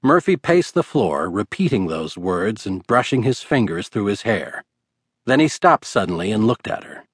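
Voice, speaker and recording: A man narrating an audiobook in a measured, steady storytelling manner. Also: fairly low pitch, breathy edge, no echo, clean studio sound. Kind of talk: scripted narration.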